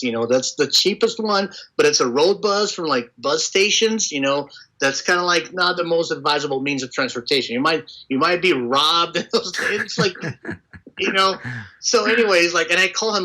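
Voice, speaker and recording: A man with a high, bright voice sits for an interview about his work as a tour manager. He tells his stories in a loose, animated way, filled with "like" and frequent laughter. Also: normal speed, low-quality recording. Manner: animated, laughing storyteller full of "like". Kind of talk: casual storytelling interview.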